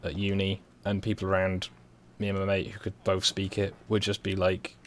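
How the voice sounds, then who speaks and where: Low-voiced West Midlands man chatting over a game. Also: completely flat delivery, moderate pace, background noise. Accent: West Midlands English. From West Midlands, England. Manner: rambling, dry self-mocking humor, thinking aloud. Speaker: streamer playing a game. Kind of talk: casual gameplay commentary.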